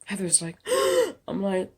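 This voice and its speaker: Woman vlogger telling a storytime, swearing a lot, animated and incredulous. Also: lowish voice, brisk. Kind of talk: storytime vlog.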